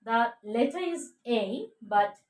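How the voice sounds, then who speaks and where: A woman teaching pronunciation, drilling words slowly, spelling out letters and checking with "okay?" between them. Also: a little high, lively intonation, recorded from a distance. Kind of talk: slow drilled pronunciation lesson. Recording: echoey room, a bit off mic.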